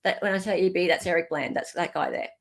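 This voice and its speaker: A woman's voice: on the low side, quick pace. An Australian woman hosting a livestream in casual chat, reading out viewer comments, thanking viewers by name and laughing often. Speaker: livestream host.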